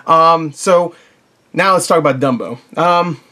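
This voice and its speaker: A man's voice: fairly high pitch, unhurried, pushed and bright. A man talks through a movie review off the cuff, rambling and chatty, with lots of fillers and restarts. He is blunt and informal and swears now and then. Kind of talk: casual spoken movie review.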